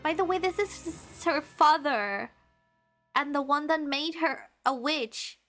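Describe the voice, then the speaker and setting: A woman's voice: high-pitched, unhurried, fairly bright tone, soft background music. A young adult woman streaming a story game, chatting playfully and dramatically with her viewers. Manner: playful, dramatic, teasing with chat.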